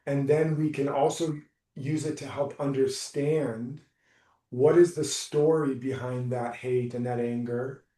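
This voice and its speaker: A man coaching someone through a live session, talking in a soft, reassuring, unhurried way. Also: medium pitch, fairly even intonation. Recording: roomy, distant from the mic.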